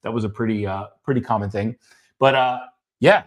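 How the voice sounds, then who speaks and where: A middle-aged man co-hosting a talk, telling his childhood story in a halting way with many restarts, at times emotional. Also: on the low side, steady tone. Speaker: podcast co-host. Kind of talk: personal storytelling conversation.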